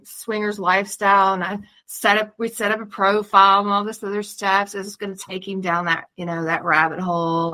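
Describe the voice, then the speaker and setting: A woman's voice: mid-range voice, pushed and bright. A woman co-hosting a podcast, telling candid, profane stories in casual chat and laughing often. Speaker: podcast co-host.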